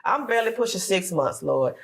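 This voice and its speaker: A woman's voice: mid-range voice, sing-song, a little fast, creaky. A woman from Florida telling an emotional personal story on a podcast, acting out her prayers and what others said. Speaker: podcast guest.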